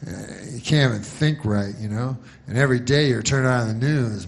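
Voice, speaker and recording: A man doing a stand-up comedy monologue, deadpan and rambling through long setups. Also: mid-range voice, fairly quick.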